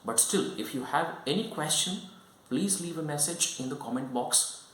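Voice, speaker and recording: A man's voice: a little high, animated, normal speed, fairly bright tone. A man giving an online English lesson, explaining step by step and often checking in with "right?" and "okay?". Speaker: English teacher. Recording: roomy echo.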